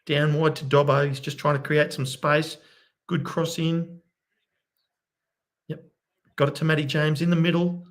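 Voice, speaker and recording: Excitable man calling a match live. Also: fairly high pitch, measured pace, pauses often. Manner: excitable, bursts into loud cheering; kept quiet since it is night at home. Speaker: fan watchalong commentator. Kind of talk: live match commentary for viewers. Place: at home, late at night.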